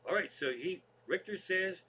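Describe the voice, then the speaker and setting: A man's voice: high voice, animated, moderate pace, pushed and bright, slight background noise. A man hosting his own comedy show, rambling through stories in a casual monologue and swearing constantly.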